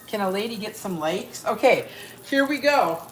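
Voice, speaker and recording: Streaming live from her home kitchen, a woman cooks and banters with her audience, brash and full of jokes. Her medium-pitched voice is expressive and moves at a normal speed, with a little hiss or hum in the background.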